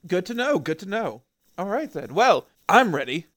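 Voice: medium pitch, sing-song, moderate pace, a bit bright. A tabletop player speaking in character, genial and diplomatic, with hesitant fillers.

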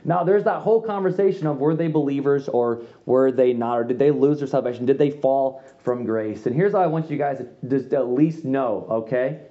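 A man preaching a sermon to a youth gathering in a church room, casual and slangy with quick asides. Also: medium pitch, dull audio. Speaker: youth pastor.

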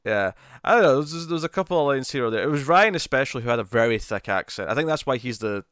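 A man's voice: medium pitch, lively intonation, fast, fairly bright tone, clear, resonant tone, no room sound, studio quality. A man co-hosting a podcast, chatting casually and animatedly, teasing and laughing often. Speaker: podcast co-host. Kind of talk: casual chat.

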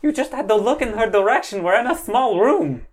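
A woman's voice: on the high side, animated, brisk. A woman playing a tabletop role-playing game in casual chat. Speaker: player.

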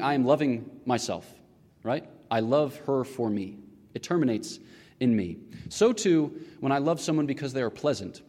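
A man's voice: mid-range voice, a little mellow, long reverb tail. A man giving a classroom lecture in a rhetorical, questioning manner, often checking in with his listeners.

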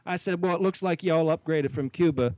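A man's voice: a little high, fairly quick, a little mellow, no echo. A man co-hosting a podcast, telling a story in casual chat and acting out both sides of an argument. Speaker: podcast co-host.

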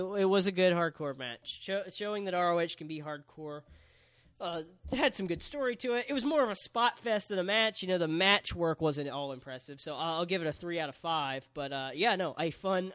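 A man's voice: high voice, normal speed, fairly bright tone, clean tone, no room sound, studio quality. A man co-hosting a casual podcast, recapping at length with many ums and uhs. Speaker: podcast co-host reviewing wrestling. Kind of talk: casual chat.

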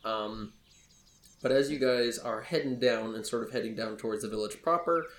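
A man narrating a tabletop game as game master, relaxed and casual. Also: medium pitch, moderate pace. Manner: relaxed, casual, laughing often. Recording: echoey room with faint noise.

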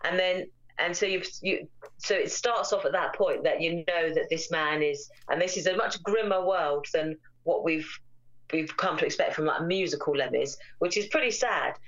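Woman on a podcast, lowish voice, kinda muffled lo-fi sound. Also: moderate pace. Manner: chatty, retells plots at length. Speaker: podcast co-host. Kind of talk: casual chat, film review.

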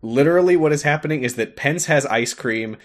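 A young man co-hosting a podcast, casually recapping a game's story with animated retelling and frequent laughter. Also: fairly high pitch, brisk. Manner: animated storytelling, laughs often, acts out lines. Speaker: podcast co-host. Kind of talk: casual chat recapping a game.

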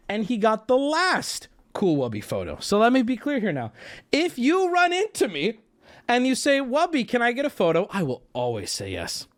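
A man hosting a livestream, telling a story to chat in a casual, animated way, swearing and breaking into yelling. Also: high-pitched. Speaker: livestream host.

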